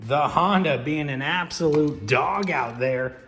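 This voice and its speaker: A man hosting diecast car races, giving excited sports-style race commentary and calls. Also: fairly high pitch, unhurried. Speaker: diecast racing host. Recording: echoey room with music.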